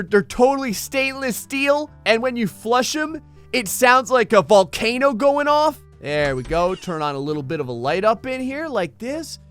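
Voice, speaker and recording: A man casually commentating a video game, excitable and chatty, often talking straight to his viewers. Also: high-pitched. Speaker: gameplay video host. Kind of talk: casual let's-play commentary.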